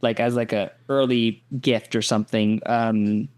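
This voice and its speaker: A man's voice: fairly low pitch, little pitch movement, a little slow, a little mellow, clean tone. Easygoing young man on a podcast. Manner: easygoing, stumbles over words. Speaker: podcast co-host. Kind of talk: casual podcast chat.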